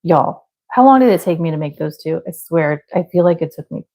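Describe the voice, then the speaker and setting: A woman from the Midwest chatting with her live viewers while she crochets, her voice mellow and warm with a gravelly edge. She rambles a little, apologizes often and laughs softly between thoughts. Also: deep voice, lively intonation, brisk, rough recording. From American Midwest. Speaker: crochet livestream host.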